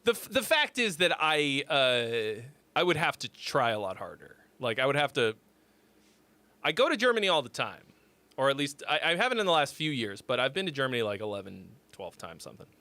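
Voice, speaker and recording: A man's voice: medium pitch, very animated, fairly quick, sharp tone, dry recording. A man in his forties hosting a song critique livestream, chatting casually in a rambling, profane way that breaks off and restarts. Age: 40s. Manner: rambling, profane, self-interrupting.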